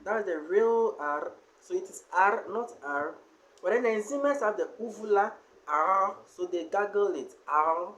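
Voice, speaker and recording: A language teacher giving a spoken lesson on pronunciation, explaining slowly and pausing often with fillers. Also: medium pitch, animated, a bit bright, slight background noise, low-quality recording.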